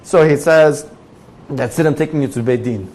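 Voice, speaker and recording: A man gives a storytelling Torah lecture, his voice sitting a little on the high side. He acts out each character in turn, leaping up in pitch and volume for the heated parts before dropping back to plain narration. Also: moderate pace. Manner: animated storyteller, acting out characters with big jumps in pitch and loudness. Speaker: rabbi giving a Torah class.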